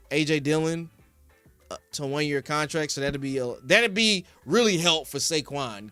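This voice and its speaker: A man's voice: a little high, fairly bright tone, clean tone, no room sound. A young man from Philadelphia hosting a casual sports show, rambling through talk and answering his live chat, and now and then working himself up into heated rants. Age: young adult. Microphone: studio podcast mic.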